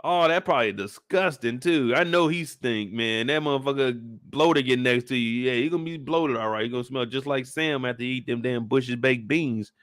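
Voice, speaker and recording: A young man giving a casual, profane, joking recap of a TV episode, lively and quick to burst into loud shouts. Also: medium pitch, no room sound, studio quality. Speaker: show recap reviewer. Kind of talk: casual live recap commentary.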